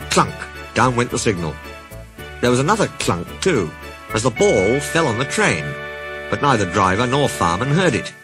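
A man narrating a children's storybook in an expressive, playful manner. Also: mid-range voice, moderate pace. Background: background music.

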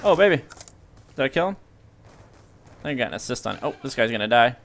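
Excitable young man commenting gameplay. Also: medium pitch, fast talker, creaky, noisy background. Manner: excitable, yelps and shouts at sudden action. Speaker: gaming video host.

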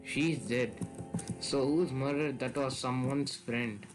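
A man giving excitable, casual commentary while playing a video game, often shouting and accusing other players. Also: medium pitch, slow pace, over music, low-quality recording. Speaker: gaming video host.

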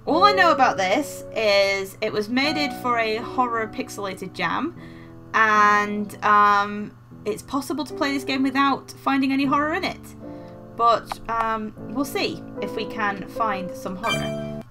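A woman's voice: fairly high pitch, unhurried. A woman hosting a let's play, chatting casually, reading game text aloud and joking. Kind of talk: casual gameplay commentary. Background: game music.

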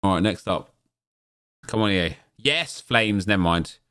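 A man hosting a gaming channel, chatting casually and breaking into excited exclamations as he comments on opening game packs. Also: sits low, measured pace, smooth.

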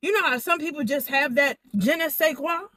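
A young woman hosting an eating show, chatting excitedly and straight to her viewers as she tastes each dish. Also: high voice, fairly quick. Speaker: food vlogger. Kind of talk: casual eating-show chat.

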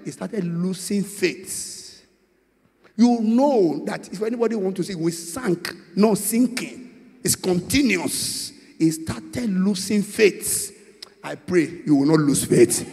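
A Nigerian man preaching a sermon, moving between quiet storytelling and shouted prayer, with call-and-response questions to the congregation. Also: high-pitched, lively intonation, slow, long reverb tail. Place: large church with long reverb.

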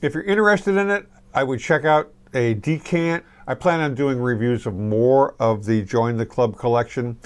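A man's voice: mid-range voice, moderate pace, hardly any pauses, smooth. Rambling middle-aged man reviewing fragrance. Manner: relaxed, rambling, with restarts. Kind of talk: casual product review to camera.

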